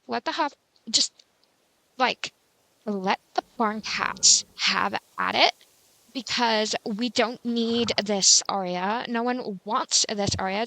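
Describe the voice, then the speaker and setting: Woman host for a casual game tutorial: bright tone, a bit of fry, rambling and self-mocking. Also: medium pitch, no room sound. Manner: rambling and chatty, with filler words.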